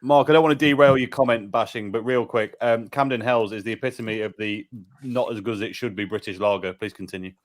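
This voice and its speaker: A man's voice: fairly low pitch, steady tone, a little fast. A man chatting casually over beers, giving firm opinions on lager as a regular co-host. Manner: opinionated, holds forth on beer.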